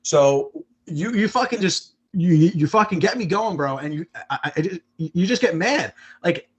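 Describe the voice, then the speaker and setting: A man's voice: on the high side, lively intonation, unhurried, slightly rough. A man in his thirties co-hosting a sports podcast, ranting heatedly with lots of swearing and restarts. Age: 30s. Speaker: podcast co-host. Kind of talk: casual sports talk.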